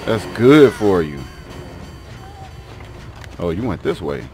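Taunting male game streamer, lively pitch. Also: slow, music in the background. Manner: playful trash-talk, taunting opponents in slang. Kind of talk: live gameplay commentary.

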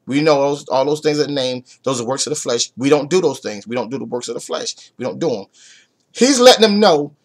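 Man, high-pitched, Bible class teacher on online talk radio; reads a verse, then asks questions and drives the point home. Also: animated, normal speed, husky. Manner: reads scripture aloud then explains it with rhetorical questions; swings from soft asides to emphatic raised points. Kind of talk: preaching Bible study.

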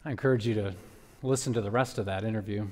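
A male pastor closing a sermon with a reflective, measured exhortation in a church. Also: lowish voice, fairly even intonation, darkish tone, in a large hall. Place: church sanctuary.

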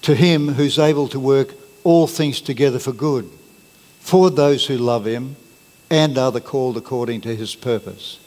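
Earnest pastor preaching in a hall. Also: male voice, medium pitch, normal speed, a little mellow. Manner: earnest, plain-spoken, emphatic preaching. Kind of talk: sermon. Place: church hall. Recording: long reverb of a church hall.

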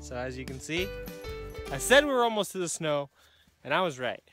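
A man, the father of a family, talking casually to a vlog camera outdoors in deep snow, proud and dryly joking. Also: sing-song, over music. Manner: slow, proud, dry joking.

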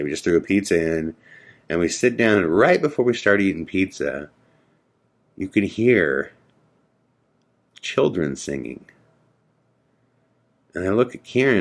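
Deep-voiced man telling a spooky story. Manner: animated, acts out quoted dialogue; casual, filler-heavy speech. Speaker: podcast host. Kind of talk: storytelling podcast monologue.

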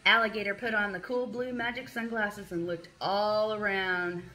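A preschool teacher reading a picture book aloud, pausing to quiz the children and praise them. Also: female voice, mid-range voice, steady tone, pushed and bright. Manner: slow, questioning, encouraging.

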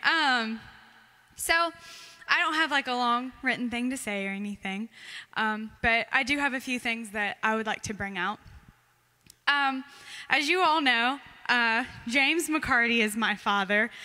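A woman's voice: fairly high pitch, unhurried, bright, forceful tone. A young woman giving an informal, chatty talk to a church congregation. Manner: chatty, giggly, loose with fillers. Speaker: church member giving a Father's Day talk.

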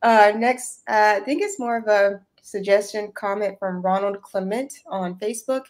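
A woman's voice: mid-range voice, normal speed. A woman with a Southern US accent moderates a webinar over a video call, politely reading out audience questions. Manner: polite, thanks askers by name.

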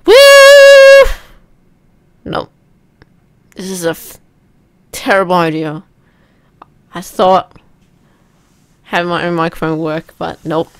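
A young woman casually commenting while playing a video game, chatty and self-mocking, now and then letting out loud whoops. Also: fairly low pitch, flat delivery, takes it slowly, long pauses. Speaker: let's play gamer.

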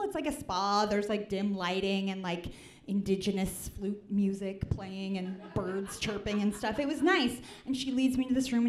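A woman's voice: mid-range voice, a little mellow, a little hiss or hum. A young woman from the Midwest doing a stand-up set, chatty and self-deprecating, with lots of "like" and "right?". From American Midwest. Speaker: stand-up comedian. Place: comedy club stage before a live audience. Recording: roomy club sound.

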